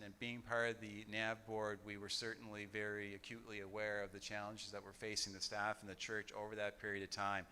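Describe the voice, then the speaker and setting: A man chairing a church business meeting, speaking haltingly with many fillers and restarts. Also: on the low side, bright, forceful tone, slight background noise.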